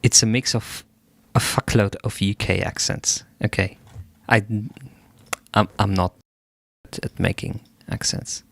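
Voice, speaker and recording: Male stream host, lower register, slow and deliberate delivery, dry mic; casual feedback on tracks. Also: steady tone, vocal fry, fairly bright tone, no room sound. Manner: unhurried, thinking aloud while listening. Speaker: music producer giving track feedback.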